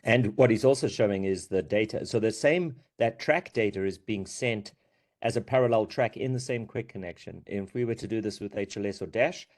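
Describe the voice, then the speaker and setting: A man's voice: on the low side, darkish tone. A man explaining technical points step by step on a video call, sometimes repeating words as he starts. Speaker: meeting participant. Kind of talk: technical discussion.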